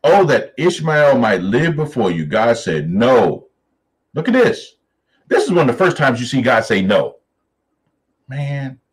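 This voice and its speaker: A man leading a Bible study, reading scripture aloud slowly and then riffing on it in a lively, preacherly way. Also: mid-range voice, poor audio.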